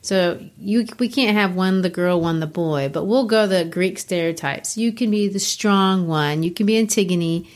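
A woman's voice: fairly low pitch, moderate pace, hardly any pauses. A woman teacher giving a conversational literature lesson, explaining a play with casual fillers.

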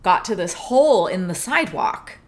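Animated woman telling a story. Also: medium pitch, normal speed. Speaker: podcast co-host. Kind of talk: casual chat, storytelling.

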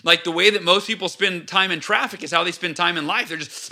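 High, bright-voiced animated man. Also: fairly quick, gravelly. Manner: animated storyteller, acts out his own outbursts. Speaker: podcast guest. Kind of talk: casual interview talk.

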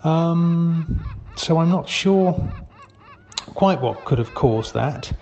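A man's voice: a little high, animated, drawn-out words, dark tone, lo-fi sound. A man leaving a hesitant, matter-of-fact voicemail for a friend in a comic sketch, full of ums.

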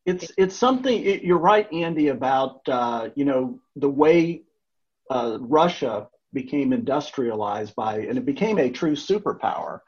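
A man's voice: medium pitch, lively intonation, measured pace, a little mellow, breathy edge. A man on a podcast panel making an emphatic, persuasive case. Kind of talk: argumentative podcast pitch. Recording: muffled lo-fi mic.

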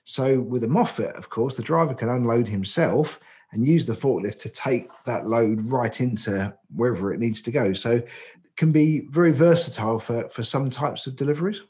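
A man co-hosting a podcast conversation in a mid-range voice. He explains each term patiently and step by step, filling pauses with ums. His tone stays relaxed and chatty. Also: medium pitch. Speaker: podcast co-host, driver agency office manager. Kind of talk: casual explanatory chat.

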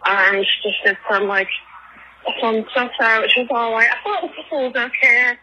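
An English caller, breathless from walking her dog, rambles through a phone voicemail to a podcast with lots of ums and likes. Her voice sits a little high at a normal speed, with background noise in the audio.

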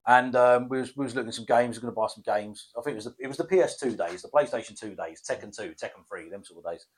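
A man's voice: mid-range voice, fast talker, slight background noise. A man co-hosting a podcast, telling a story in casual banter, swearing and laughing. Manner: swearing, laughing, animated anecdotes. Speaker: podcast co-host.

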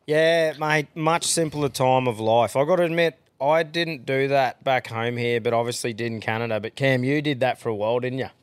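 A laid-back Australian man hosting a casual chat, swearing freely as he talks. His voice sits in an ordinary middle pitch and sounds dry and close to the mic. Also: moderate pace, hardly any pauses, clear, resonant tone, no room sound. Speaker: podcast host.

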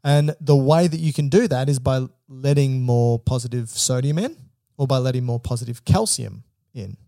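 Male podcast co-host, gravelly and warm, dry close sound, patient step-by-step teacher. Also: mid-range voice, moderate pace, dry recording. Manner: explains step by step, checks in with "right?". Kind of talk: educational physiology podcast chat.

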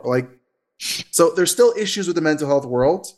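A man speaking as a therapist guest in a casual podcast interview, talkative and animated, with frequent fillers and restarts. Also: fairly high pitch, normal speed. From United States.

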